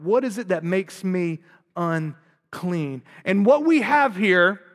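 Man, pastor, sermon, high pitch, earnest, long hall reverb. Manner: earnest preaching, rhetorical questions, voices quoted speech.

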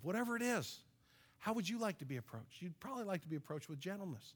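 A man's voice: high-pitched, expressive, quick pace. A middle-aged man preaching a sermon in a conversational, storytelling way. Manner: conversational, storytelling, with light laughs and restarts. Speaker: pastor.

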